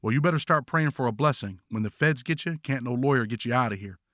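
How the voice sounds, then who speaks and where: A man voicing an older male prison cellmate with a slow, folksy Southern US drawl, gruff and blunt, as an audiobook narration. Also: medium pitch, fairly bright tone, dry recording, clean studio sound, close to an everyday voice.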